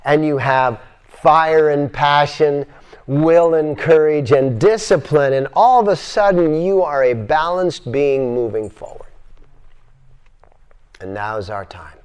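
Older guy teaching yoga philosophy, bit high voice, lively, repeats himself. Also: unhurried, clean tone, dull audio. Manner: animated, acts out voices and repeats phrases. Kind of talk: spiritual lecture to a live class. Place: yoga center, indoors.

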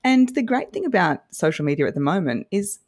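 A woman's voice: medium pitch, sing-song, brisk, darkish tone. A woman giving encouraging advice as a podcast guest, with a polished, broadcast-trained delivery. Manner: upbeat, encouraging. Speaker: guest social media coach.

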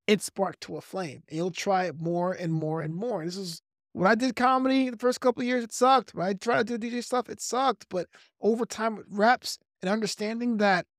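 A man from New York with a softened Brooklyn accent, a comedian guest on a podcast, talking fast in an animated, practiced radio-style way. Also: high voice, no echo, clean studio sound. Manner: self-described fast talker. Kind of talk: podcast interview.

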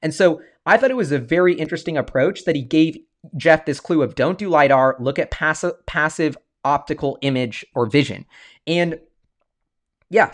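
A man hosting a casual livestream, excitable and rambling, often restarting his sentences as he talks. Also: on the high side. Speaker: stock-market video host.

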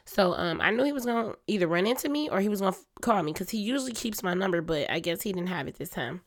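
Chatty woman, a bit hoarse. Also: lively intonation, quick pace. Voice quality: deeper, grown-up voice than her usual small one. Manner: chatty, confiding, talks straight to listeners as y'all. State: keeps clearing her throat, voice a little hoarse. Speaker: podcast host. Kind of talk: casual personal chat.

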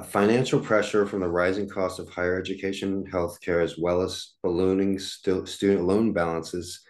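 A man in his forties talks through a solo podcast in a very low voice. He rambles and circles back, filling gaps with fillers and false starts. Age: 40s. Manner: rambling, with many fillers and restarts. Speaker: podcast host. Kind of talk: casual solo podcast monologue.

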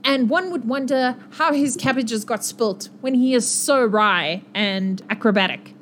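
A woman narrates a tabletop game as game master, chatty and full of fillers. Her voice sits a little high, with faint background noise. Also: measured pace, a bit bright.

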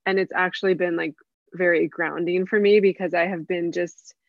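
A candid, rambling woman from San Diego talks as a guest chef, her voice sitting slightly low. Her sound is muffled and dull, recorded close and dry without room echo. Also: vocal fry. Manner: candid, rambling, laughs often and swears. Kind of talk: casual conversational interview.

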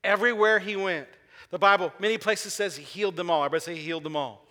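Preaching a sermon in a church sanctuary, a male pastor speaks rapid-fire in a high, bright voice, often posing questions to the congregation and waiting for answers. He repeats short key phrases several times for emphasis, and the long reverb of the large hall rings around him.

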